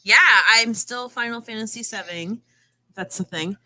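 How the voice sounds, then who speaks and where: Woman co-host chatting on a gaming podcast, giggly and rambly, really bright voice. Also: a little high, normal speed, no echo. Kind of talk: casual gaming podcast chat.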